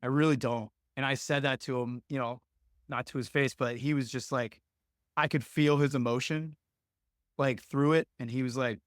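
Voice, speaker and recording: A man's voice: mid-range voice, fairly even intonation, normal speed, no room sound, studio quality. A young adult man telling coaching stories in casual podcast talk, earnest and rambling with many fillers. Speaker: lacrosse coach, podcast guest.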